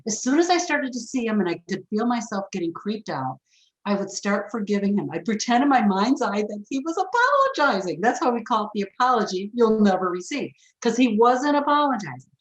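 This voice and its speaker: Woman guest, frank, animated storyteller, mid-pitched, roomy echo. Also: a little fast. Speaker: forgiveness expert guest. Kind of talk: storytelling in a podcast interview.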